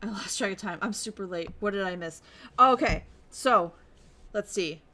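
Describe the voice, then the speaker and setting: A woman's voice: medium pitch, moderate pace, bright, forceful tone. Chatty swearing woman streamer. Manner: chatty, swears freely, laughs, bursts into exaggerated rants. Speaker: streamer playing a visual novel. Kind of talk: casual livestream chat and reading game text aloud.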